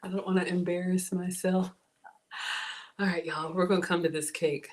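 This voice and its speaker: A woman's voice: on the low side, little pitch movement, normal speed. A woman with a Southern US accent, chatting casually with her viewers as a home cook livestreamer. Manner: chatty, addresses viewers as y'all.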